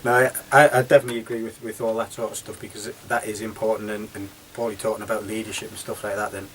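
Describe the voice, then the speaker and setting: A man's voice: lowish voice, little pitch movement, fast talker, far from the mic, a little hiss or hum, low-quality recording. A man co-hosting a radio show, agreeing with his guest in casual chat. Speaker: radio co-host.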